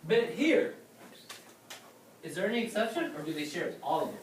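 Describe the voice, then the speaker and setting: High-voiced male teacher in an echoey classroom. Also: big pitch swings, moderate pace, recorded from a distance, a little hiss or hum. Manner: asks the class questions, checks with "okay?". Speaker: Spanish teacher. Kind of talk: classroom lecture. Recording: roomy classroom from afar.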